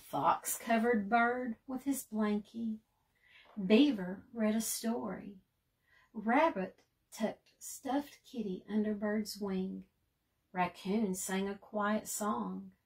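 A woman librarian reading a bedtime storybook aloud, gently and expressively, often sinking to a soft hush. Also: mid-range voice, fairly even intonation, slow pace, creaky. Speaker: children's librarian.

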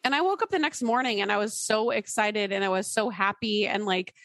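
A woman's voice: medium pitch, brisk, fairly bright tone, dry recording. A young woman co-hosting a podcast, chatting casually and filling her talk with "like". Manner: chatty, lots of "like" fillers. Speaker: podcast co-host, newly engaged. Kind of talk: casual chat.

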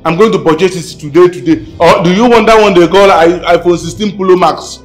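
Man as loud Nigerian big spender, high voice, brags and repeats himself. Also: brisk, soft background music, lightly acted. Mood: boastful. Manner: boastful, repeats words, pidgin-flavored English. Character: flashy rich man boasting of money. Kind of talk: film acting.

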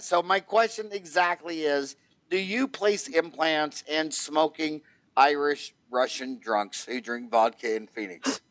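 Brash high-voiced male podcast host. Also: measured pace, a bit bright, no echo. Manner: brash, rambling, jokey questions. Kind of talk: casual interview. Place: Phoenix.

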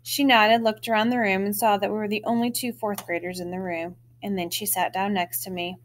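A woman reads a children's chapter book aloud in the first person. Her storytelling is expressive, with bright lifts on key words. Her voice sits at an ordinary middle pitch for a woman. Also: a little fast, a little hiss or hum.

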